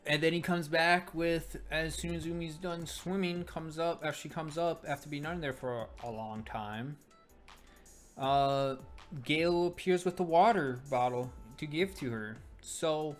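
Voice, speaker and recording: A man's voice: fairly high pitch, unhurried, faint music behind. A young man giving casual, rambling commentary while reviewing a webcomic, full of joking asides.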